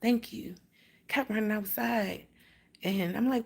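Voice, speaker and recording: Casually chatting on a livestream, a woman tells rambling, profane stories packed with "like." Her voice is medium-pitched, darkish and slightly rough, with vocal fry and an unhurried pace.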